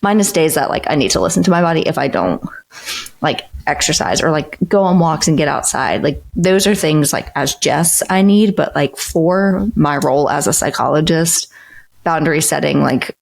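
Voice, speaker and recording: A woman psychologist talking casually on a podcast. Her voice is notably low for a woman. She speaks thoughtfully and loosely, with plenty of fillers. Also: lively intonation, moderate pace, vocal fry. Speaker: psychologist co-host.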